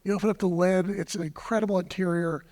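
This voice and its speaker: A man, an antiques dealer, telling a story on a discussion panel, with fillers and clearing his throat. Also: sits high, fairly even intonation, fast, a little mellow. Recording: long reverb of a large hall.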